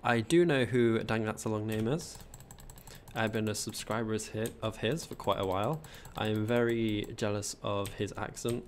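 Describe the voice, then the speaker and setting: A man's voice: fairly low pitch, steady tone, normal speed, a little hiss or hum. A man with a posh English accent, chatting casually on a gameplay livestream, rambling and reading out chat as he builds. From England.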